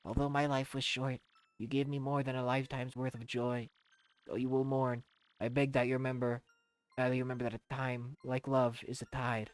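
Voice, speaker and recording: A man voicing a young woman reading her farewell love letter in a soft, earnest way, for a video game. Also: medium pitch, flat delivery, normal speed, smooth, lightly acted. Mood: tender.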